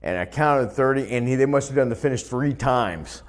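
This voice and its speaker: A pro wrestler in an interview, recounting anecdotes in an animated, self-deprecating way. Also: male voice, mid-range voice, normal speed. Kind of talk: casual interview storytelling.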